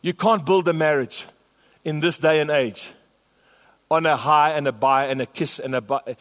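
A man's voice: a little high, moderate pace, fairly bright tone. Pastor guy preaching, repeats himself for emphasis, big echoey church. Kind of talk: sermon. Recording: long hall reverb.

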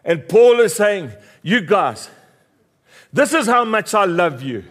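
A man's voice: sits high, very animated, slow, a bit bright. A middle-aged South African man, a pastor, preaching a passionate sermon with emphatic repetition.

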